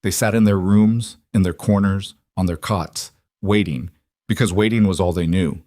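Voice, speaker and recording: A man reading a scripted dramatic story in a measured, somber way. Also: low-pitched, warm tone, no room sound, clean studio sound. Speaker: narrator.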